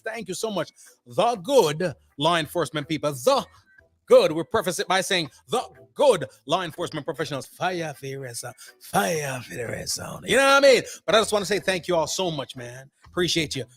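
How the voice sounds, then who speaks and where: A man hosting a radio show from home, giving lively slang-filled shout-outs and slipping into patois for fun, a little under the weather. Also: fairly high pitch. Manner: slips into Caribbean-style patois for fun. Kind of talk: energetic radio DJ chat. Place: at home, remote broadcast.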